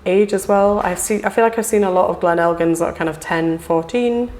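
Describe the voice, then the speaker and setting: Chatty woman explaining whisky, low-pitched. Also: fairly quick, darkish tone. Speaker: whisky brand representative. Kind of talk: casual conversational interview.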